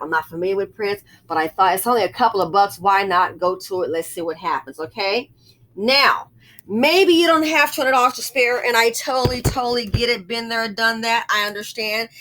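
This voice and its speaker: A woman vlogger telling a rambling, excitable story in a casual monologue, full of exclamations. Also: mid-range voice.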